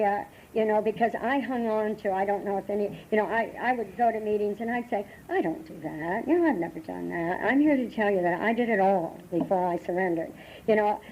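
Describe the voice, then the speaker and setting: An older American woman sharing her recovery story at a meeting, halting and emotional, with many restarts, on a dull lo-fi tape from the 1980s. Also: mid-range voice, darkish tone, a little hiss or hum. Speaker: AA meeting speaker. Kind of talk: personal recovery talk.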